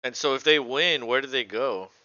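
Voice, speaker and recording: A man casually calling a football game play by play, relaxed, laughing often and swearing freely. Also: mid-range voice, normal speed, no room sound, highs cut off. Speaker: co-host doing play-by-play.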